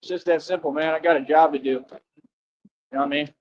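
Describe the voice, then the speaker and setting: A tired man chatting on his livestream in boastful street slang, laughing as he talks. His voice sits a little high, and the lo-fi audio sounds dull. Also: steady tone, fast talker. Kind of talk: casual livestream chat.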